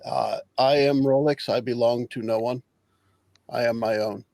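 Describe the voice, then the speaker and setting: A man voicing a calm male warforged robot who speaks in flat, formal phrases. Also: medium pitch, unhurried, gravelly, no room sound. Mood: deadpan.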